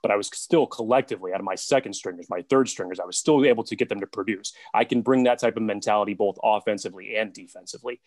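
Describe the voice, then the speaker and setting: A man earnestly pitching himself as a guest in a comedic mock job interview. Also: quick pace, few pauses, darkish tone, no echo. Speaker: podcast guest.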